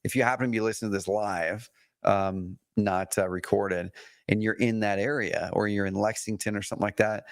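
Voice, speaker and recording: A relaxed man with a lowish voice chatting casually as co-host of a marketing show. He talks in a laid-back way and often calls people "dude." The recording is dry and close. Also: brisk, creaky, no room sound. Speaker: co-host and business coach. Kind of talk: casual live-show chat.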